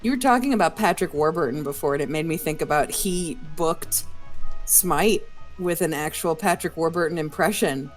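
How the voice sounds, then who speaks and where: A woman voice actor chatting on a casual live stream, telling stories quickly and laughing often. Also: deep voice, soft background music. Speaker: voice actor and casting director.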